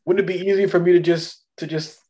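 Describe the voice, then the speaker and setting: A man's voice: high-pitched, steady tone, quick pace, dark tone, voice pushed up. A man doing Vision, an offhand android hero. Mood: breezy. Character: Vision, calm male android superhero. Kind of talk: casual podcast impression.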